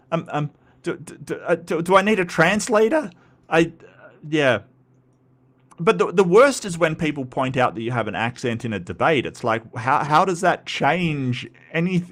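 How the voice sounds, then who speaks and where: An Australian man hosting a live stream, talking loosely and answering his chat. He rambles, stumbling over his words and restarting his sentences often. His pitch sits in an ordinary middle range. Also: a bit bright. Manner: rambling, many stutters and restarts. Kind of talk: casual live commentary reading chat.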